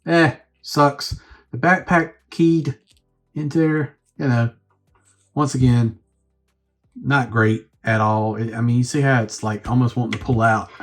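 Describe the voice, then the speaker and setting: A man reviewing a toy on his own channel, rambling and thinking aloud as he fiddles with the figure. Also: mid-range voice. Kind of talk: casual unscripted review.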